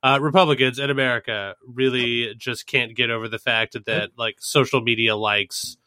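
Wry bright-voiced man. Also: medium pitch, steady tone, normal speed, smooth, no echo, clean studio sound. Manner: wry, joking. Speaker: podcast co-host. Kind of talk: casual political chat.

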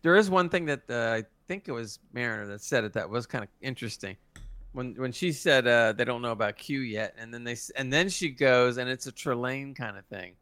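Guy cohosting a podcast, bright forceful voice, super dry sound, geeking out over lore. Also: medium pitch, a little fast, clear, resonant tone, no echo. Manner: enthusiastic fan explaining lore, chuckling. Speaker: podcast co-host. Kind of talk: casual chat reviewing a TV episode.

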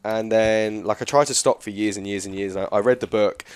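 Young male podcast co-host, fairly low voice, loose rambling delivery full of fillers. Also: fairly even intonation, a little fast, clean tone. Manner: rambling storyteller, lots of fillers and swearing. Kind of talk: casual podcast chat.

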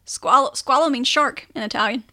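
A woman's voice: high-pitched, fairly quick, pushed and bright. A woman co-hosting a podcast in casual chat, giggly and swearing freely. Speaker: podcast co-host.

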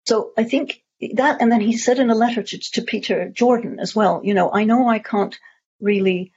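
A woman's voice: a little high, normal speed, darkish tone, slight background noise. A woman answering audience questions at a talk, discursive, with many fillers and restarts. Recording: muffled lo-fi audio.

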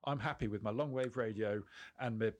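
A man rambles about his cars, talking himself in circles and poking fun at himself. His voice sits at an ordinary middle pitch. He is a podcast co-host in easy banter. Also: brisk, darkish tone. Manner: rambling, self-deprecating, many restarts.

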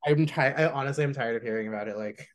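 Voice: mid-range voice, racing. A podcast guest in casual chat, blunt and exasperated, laughing often.

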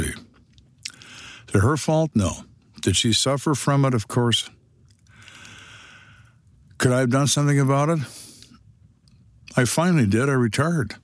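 A man's voice: mid-range voice, dry recording. An older man, a retired detective, telling stories from his life in a dry, matter-of-fact way. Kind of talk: storytelling monologue.

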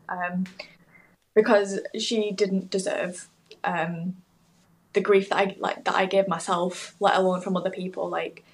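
A woman's voice: medium pitch, little pitch movement, a little slow, rough recording. A young woman speaking candidly as a podcast guest over a video call, rambling and heartfelt, with lots of fillers and restarts. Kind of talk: candid interview talk. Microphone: remote video call.

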